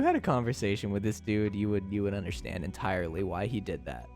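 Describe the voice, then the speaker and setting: A young man streams live and bounces through a playful chat with viewers, his pitch leaping up and down with every tease. He laughs constantly and stumbles over his words in quick restarts. Faint music plays underneath. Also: lively intonation, a little mellow.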